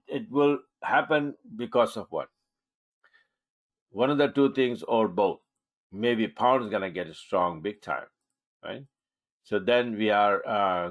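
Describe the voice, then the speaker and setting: Low-voiced man coaching a trading webinar. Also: fairly bright tone. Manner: thinks aloud while marking up charts, punchy "boom" emphasis. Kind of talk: live webinar chart walkthrough.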